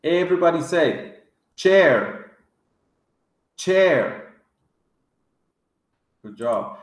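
A man teaching English words to young children, drilling each word slowly with excited gasps. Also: a little high, roomy sound. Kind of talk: vocabulary lesson for kids.

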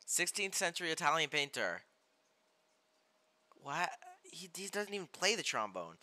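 Excitable young male game streamer. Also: a little high, measured pace, pauses often. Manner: excitable, yelps loudly in dismay. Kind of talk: live game stream, reading cards aloud.

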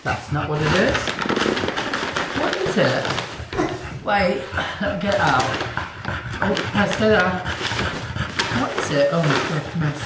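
A man's voice: sits high, unhurried, pauses often, echoey room, very noisy. A man chatting casually in a home vlog, cooing at his dog now and then. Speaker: vlogger. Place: at home indoors.

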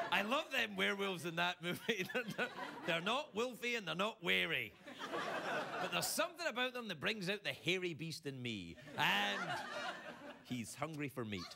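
A man's voice: sits high, moderate pace, gravelly. A man delivering a late-night comedy monologue as talk show host, joking and slipping into put-on voices. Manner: animated joking with frequent laughs and put-on voices. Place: TV studio before a live audience. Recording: loud studio audience laughter and noise.

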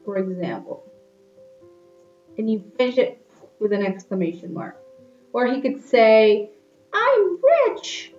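A woman's voice: medium pitch, unhurried, pauses often, dark tone, soft background music. A woman teacher giving recorded class instructions to children, patiently explaining and checking in with "okay?". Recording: echoey room, slightly dull lo-fi sound.

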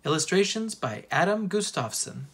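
A teacher reading a children's picture book aloud with expressive narration. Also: mid-range voice, moderate pace, husky. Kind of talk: storybook read-aloud.

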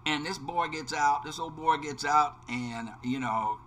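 A man's voice: fairly high pitch, measured pace, a bit bright, a little hiss or hum. Rambling man telling a road story. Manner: rambling storyteller with many restarts and fillers. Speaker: let's play host. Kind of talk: casual anecdote told while gaming.

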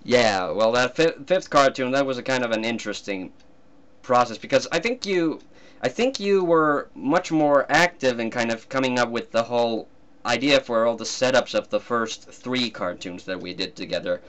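A man's voice: medium pitch, expressive, normal speed, a bit bright. A man from Finland, a guest cartoonist talking in a casual commentary chat, hesitant and often breaking into laughs.

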